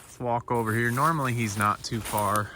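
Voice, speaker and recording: A man's voice: medium pitch, normal speed, bright, forceful tone. A man who runs a small farm, casually narrating a vlog while walking his wooded pasture and chatting to his animals. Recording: outdoor ambience with clear background noise.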